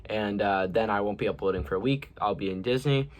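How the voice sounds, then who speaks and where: Young male reviewer, low-pitched, loose and rambling, lots of "like" and "uh", trails off at sentence ends. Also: a little fast. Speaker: movie reviewer. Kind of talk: casual movie review.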